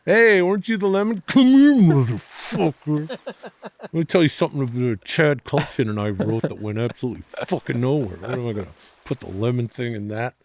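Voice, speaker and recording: A man voicing a grumpy washed-up male comic who yells and swears at fans. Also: mid-range voice, a little fast, natural voice. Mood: irate. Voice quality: loud, profane and shouting.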